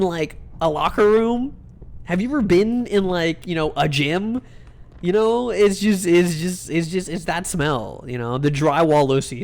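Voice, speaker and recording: A young man, a VTuber, chatting casually while streaming a game, rambling through jokey stories with lots of restarts and swearing. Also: high-pitched. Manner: rambling, self-interrupting, joking and profane. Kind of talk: casual live-stream chat while gaming.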